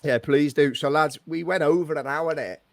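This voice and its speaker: A man's voice: on the high side, normal speed, vocal fry, no echo. A man hosting a casual podcast chat with friends, swearing freely and rambling through restarts. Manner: swears often, laughs along, rambling restarts. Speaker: podcast host.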